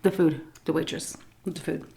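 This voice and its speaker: A woman's voice: low voice, fairly even intonation, fairly quick, gravelly, mellow. A woman food vlogger telling a story in a chatty, casual way while she eats, often breaking into laughs.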